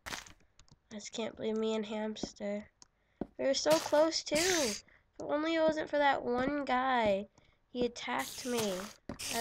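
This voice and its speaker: A woman chats her way through a round of a video game in slow, unhurried speech, giggling and correcting herself as she goes. Her voice has a gravelly fry and sits fairly high. The home microphone picks up a lot of background hiss. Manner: chatty, giggly, self-correcting. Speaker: gaming channel host. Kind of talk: casual let's-play commentary.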